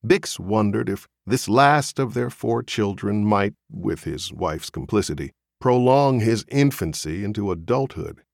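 A man narrating a literary novel as an audiobook reader, in a measured, expressive storytelling manner. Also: fairly low pitch, vocal fry, dry recording, studio quality.

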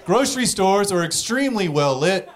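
A young man doing a stand-up comedy set, telling stories in a profane, rapid way with act-outs, audience laughing behind him. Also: high-pitched, animated, background noise.

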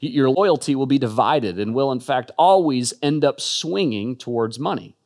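A man giving an earnest, emphatic sermon-style talk as a Christian speaker, often stumbling into quick restarts. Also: medium pitch, animated, darkish tone.

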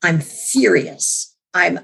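A woman being interviewed as the author of a book, telling a personal story in an earnest, animated way with frequent restarts. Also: lowish voice, drawn-out words, gravelly, breathy edge. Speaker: guest author.

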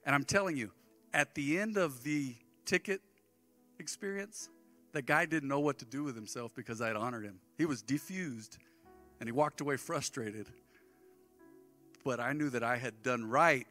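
A man's voice: medium pitch, normal speed, faint music behind. A middle-aged man, preaching a sermon as a pastor and acting out the people in his stories. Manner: animated storytelling, acting out the people he quotes.

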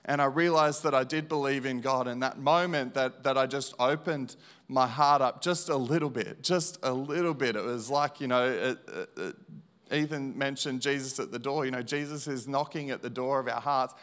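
A man preaching in a voice of medium pitch. He repeats his lines slowly and with emphasis, dropping to a hush and then rising loud, as he gives his testimony in a sermon. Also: clear, resonant tone. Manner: slow, emphatic repetition, swinging between hushed and loud.

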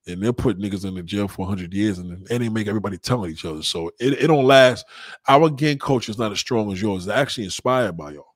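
Profane, rambling streamer man, low voice. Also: expressive, fast, no room sound. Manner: profane, rambling street talk with shout-outs. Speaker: livestream host. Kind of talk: casual livestream chat with viewers.

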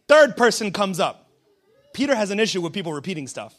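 A man's voice: high-pitched, sing-song, brisk, fairly bright tone. A man preaching a sermon in a casual, slangy storytelling manner. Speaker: pastor.

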